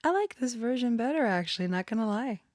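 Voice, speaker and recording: A woman's voice: on the high side, expressive, fast talker, a little mellow, no room sound, studio quality. A woman chatting casually and reading song lyrics aloud, rambling and giggling as she trails off. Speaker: tarot channeler and storyteller.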